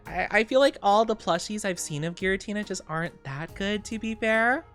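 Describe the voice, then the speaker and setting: A man's voice: sits high, brisk, a bit bright, soft background music. A young man streaming, chatting casually in a bubbly, rambling way, reading chat aloud and giggling often.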